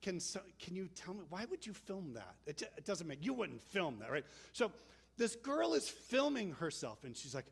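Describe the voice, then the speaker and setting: High-voiced man preaching conversationally. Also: moderate pace, vocal fry, husky. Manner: conversational, animated storytelling with acted-out quotes. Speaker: pastor. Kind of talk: sermon.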